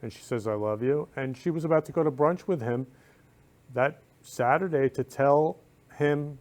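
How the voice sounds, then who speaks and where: A man hosts a talk show in an emotional, effusive way. He repeats his phrases with heartfelt feeling. His voice sits at an ordinary pitch. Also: moderate pace, darkish tone. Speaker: host.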